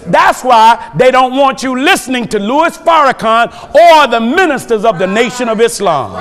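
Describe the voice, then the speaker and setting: A man preaching a fiery sermon, shouting his points with chuckling asides between them. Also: very high-pitched, expressive, moderate pace, hardly any pauses. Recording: long hall reverb.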